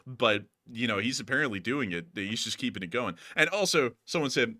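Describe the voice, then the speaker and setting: A man hosting a casual live stream, talking in an animated, mocking way with lots of "like" and "dude". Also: medium pitch, normal speed, few pauses, dry recording, studio quality. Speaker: host.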